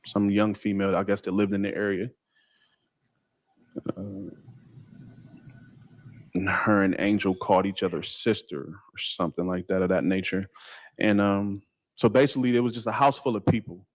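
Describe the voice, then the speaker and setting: A man telling a personal story in a casual, halting way with many fillers and restarts. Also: lowish voice, steady tone, no room sound, clean studio sound. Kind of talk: casual first-person account.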